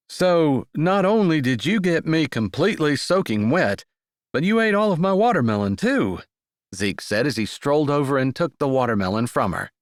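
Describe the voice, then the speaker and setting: A man reads a romance audiobook aloud, his narration expressive and full of movement in pitch. The recording is close and dry, with no room sound. His voice sits at a middle pitch for a man. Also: dry recording. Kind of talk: scripted narration.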